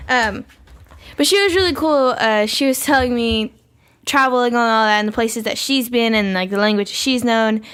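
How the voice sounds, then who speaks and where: A young woman co-hosting a podcast, rambling excitedly through stories in casual chat. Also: a little high, moderate pace, clean tone. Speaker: podcast co-host.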